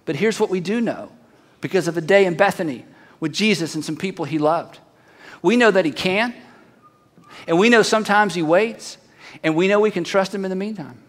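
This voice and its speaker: A male pastor preaching a sermon, swinging dramatically from loud declarations to near whispers, with rhetorical questions and repeated refrains. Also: high voice, moderate pace.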